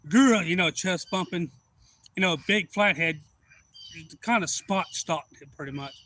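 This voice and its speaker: Bright-voiced man telling a fishing story. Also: fairly high pitch, a little slow, slight background noise, rough recording. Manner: rambling, folksy, gets loud and excited. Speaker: fishing livestream host. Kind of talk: casual storytelling on a livestream.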